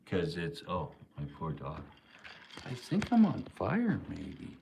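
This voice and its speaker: Slow gravelly man chatting on a livestream. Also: low voice, huge pitch swings, dark tone, slight background noise. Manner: rambling, laid-back, lots of fillers. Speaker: livestream host. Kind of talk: casual live-stream chat.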